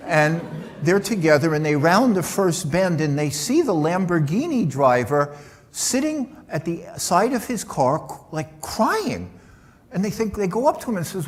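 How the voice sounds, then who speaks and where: A man's voice: a little high, very animated, moderate pace. A middle-aged man giving a humorous talk to an audience, joking in a loose, conversational way. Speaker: speaker.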